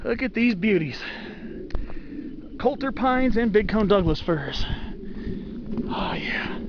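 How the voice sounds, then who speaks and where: Walking along a wooded mountain trail, a hiker narrates a casual vlog to his camera, praising the trees with gushing enthusiasm. He speaks slowly in a high-pitched, expressive voice, and the recording is dull with background noise.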